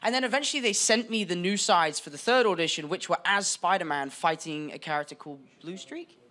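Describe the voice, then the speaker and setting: A young man with an English accent, chatting in an interview and telling animated, self-deprecating stories. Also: sits high, brisk, a crowd in the background. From England. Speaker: actor being interviewed. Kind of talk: casual interview chat.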